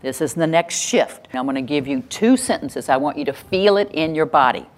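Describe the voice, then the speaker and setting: Female workshop trainer; emphatic, low-pitched, keeps checking in with the audience. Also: expressive, moderate pace. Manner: emphatic, repeats key phrases, checks in with the audience. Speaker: educator giving a workshop. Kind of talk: teaching lecture to a live audience.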